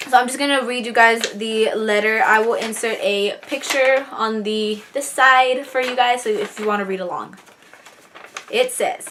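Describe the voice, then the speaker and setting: Young woman vlogging on camera, fairly high voice, chatty and giggly, gets teary. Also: pushed and bright, slight background noise. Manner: chatty, giggly, tearing up while reading a letter. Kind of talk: casual chat to camera.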